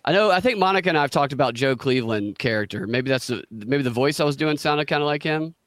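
A man's voice: a little high, animated, fast, heavy background noise. A man with a Southern US accent, chatting as a podcast guest, joking and slipping into put-on voices. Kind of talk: casual podcast chat.

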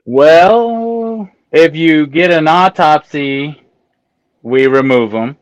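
A man's voice: fairly high pitch, drawn-out words, no room sound, poor audio. A man in casual podcast conversation, telling stories about his job with amusement and acting out the exchanges he quotes. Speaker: guest, embalmer and autopsy tech.

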